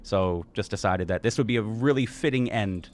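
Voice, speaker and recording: A young man in casual chat as dungeon master, narrating a tabletop game in a halting, laid-back way with many fillers. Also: fairly low pitch, a little mellow, a little hiss or hum.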